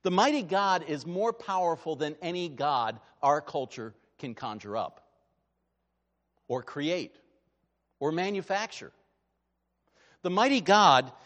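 A man preaches a sermon in a church sanctuary, his voice set high and swinging widely in pitch. He drops to a hush and then rises to loud emphasis. Long reverb trails each phrase. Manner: dramatic, swinging from hushed to loud. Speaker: pastor.

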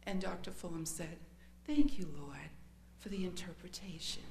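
A woman's voice: fairly low pitch, normal speed, darkish tone. A woman giving an earnest, hesitant, emotional account of her faith to a church gathering. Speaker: speaker sharing a testimony. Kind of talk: personal testimony storytelling. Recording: echoey room with faint hum.

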